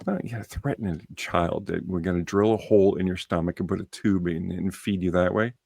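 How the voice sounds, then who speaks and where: Deep-voiced, profane man storytelling. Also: fairly quick, creaky, slightly rough. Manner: blunt and profane, animated storyteller. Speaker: podcast host. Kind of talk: casual chat, storytelling.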